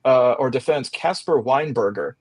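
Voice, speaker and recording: A male host steers a news panel in a dry, close recording. He speaks haltingly, padding his phrases with filler sounds, and slips in wry, sardonic remarks. His voice sits at an ordinary middle pitch. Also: animated, a little mellow, dry recording. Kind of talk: panel discussion of weekly news.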